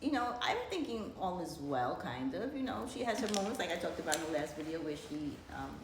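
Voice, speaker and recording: A middle-aged woman telling a family story in casual chat, talking fast and rambling, often breaking into laughter. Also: on the low side, very animated, echoey room, slight background noise.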